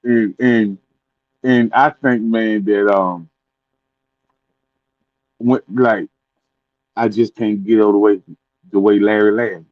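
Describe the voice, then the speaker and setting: A Southern man co-hosts a relaxed chat. His middle-pitched voice comes through slightly muffled and dry. He repeats words as he talks, often calling his partner "boy.". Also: slow pace, long pauses, no room sound. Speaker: podcast co-host. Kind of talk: casual chat.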